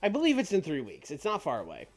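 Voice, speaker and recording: A man streams a management game and talks casually, rambling through plenty of fillers. His voice sits a bit higher than most men's. Soft background music runs under him the whole time. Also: huge pitch swings, quick pace.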